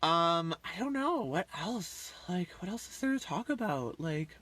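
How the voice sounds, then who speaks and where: A man's voice: high voice, big pitch swings, measured pace, bright, forceful tone. A man in his thirties rambling casually on a livestream, chatty and full of fillers, often trailing off. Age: 30s. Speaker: livestream host.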